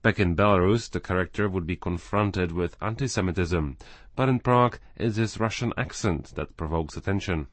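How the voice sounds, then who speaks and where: A male radio reporter reads a scripted news feature. His voice is low and recorded dry and close, with no room sound. He keeps his delivery even and measured. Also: no room sound.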